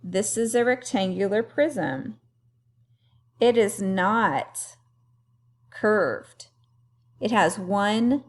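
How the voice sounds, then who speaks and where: A woman teacher speaking to young children in an unhurried, deliberate way, spacing out her words. She has a middle-range voice and keeps stopping so the class can say words back after her. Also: mid-range voice. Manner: slow, clearly paced teacher talk with call-and-repeat. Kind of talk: remote lesson for young children.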